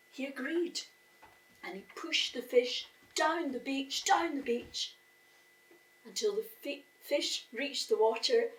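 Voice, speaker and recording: Slow, expressive woman storyteller. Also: on the high side. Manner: slow and expressive, voicing characters. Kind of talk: live oral storytelling. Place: live storytelling event. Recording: echoey room, voice from far off.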